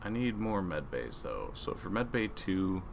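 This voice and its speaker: A man's voice: deep voice, big pitch swings, a little slow, gravelly, noisy background. A man casually commenting on a strategy game he is playing, rambling and reading game text aloud. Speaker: gaming video creator.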